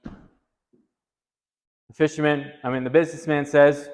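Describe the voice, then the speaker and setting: A man's voice: moderate pace, long pauses. Man telling a story in an echoing hall. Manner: animated, rising pitch when quoting. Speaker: retreat discussion leader. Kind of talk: storytelling to a group. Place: retreat meeting room.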